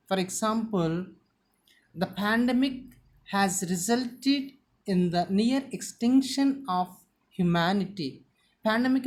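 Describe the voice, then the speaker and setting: Woman, teacher, slow and deliberate, repeats and stresses syllables. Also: mid-range voice, darkish tone. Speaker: English teacher. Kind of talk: slow vocabulary lesson.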